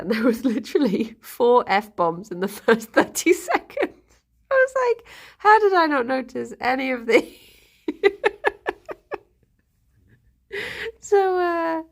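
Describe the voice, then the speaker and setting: A woman chatting casually on a live stream, rambling and giggling between fillers. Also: mid-range voice.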